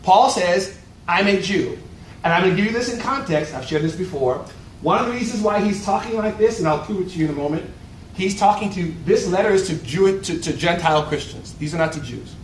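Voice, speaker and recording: A man preaching a sermon at a luncheon, with animated, rhetorical call-and-response delivery. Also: sits high, fairly quick, slight background noise. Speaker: pastor. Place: event hall. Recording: echoey room, voice from far off.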